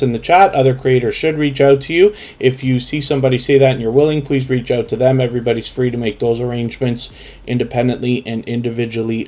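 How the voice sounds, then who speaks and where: Guy hosting a creator livestream, laid back, lots of ums, mid pitch. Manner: relaxed, reads chat names aloud, frequent ums. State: sleepy, yawning. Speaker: live stream host. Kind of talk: casual live stream chat.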